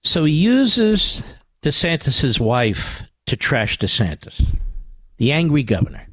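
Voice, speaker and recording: A man's voice: big pitch swings, slow pace, fairly bright tone, dry recording. An older man hosting a political radio talk show, combative and mocking, sarcastic in tone. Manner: swings from low growls to high exclamations. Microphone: studio microphone.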